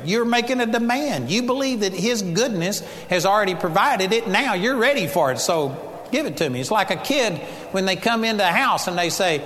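A man's voice: high-pitched, animated, fairly quick, fairly bright tone, in a large hall. A man preaching a sermon in a church, talking emphatically, quoting scripture and acting out voices.

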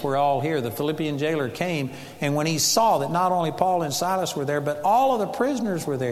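A man's voice: a little high, long reverb tail. A man preaching a sermon in a church, talking emphatically, quoting scripture and acting out voices.

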